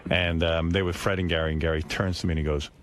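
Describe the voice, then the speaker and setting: A man's voice: deep voice, level tone, fast talker, a bit bright, a little hiss or hum. An older man hosting a radio talk show, telling stories and mocking his coworkers. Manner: storytelling, mocking, quotes others in put-on voices. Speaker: radio host. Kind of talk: casual radio banter.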